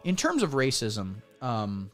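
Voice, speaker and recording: A man hosting a satirical comedy livestream who rants crudely and sarcastically, swinging between mumbling and loud. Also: medium pitch, huge pitch swings, slow pace, faint music behind. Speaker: comedy streamer.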